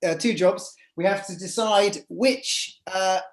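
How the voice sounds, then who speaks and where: A woman's voice: medium pitch, slow pace, roomy sound. Chatty woman hosting an online show. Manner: chatty, hesitant, full of fillers and restarts. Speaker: host. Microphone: video call.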